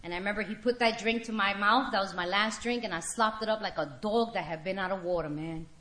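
A woman's voice: mid-range voice, fast, a bit bright, roomy sound. A woman giving a candid personal share at a recovery meeting, telling her story frankly and with wry humor to a room of listeners.

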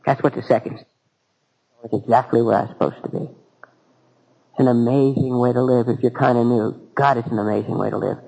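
A man's voice: mid-range voice, fairly even intonation, fairly quick, gravelly, long pauses, mellow, poor audio. A man speaking at a recovery meeting, telling a personal story in an earnest, folksy and candid way.

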